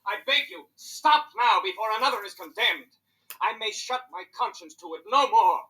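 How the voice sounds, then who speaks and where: An earnest minister begs the court to stop, read aloud by a student. The pitch is mid-range and the tone is bright. The delivery is plain and pleading, a classroom reading. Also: expressive, moderate pace, low-quality recording. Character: earnest, conscience-stricken male minister.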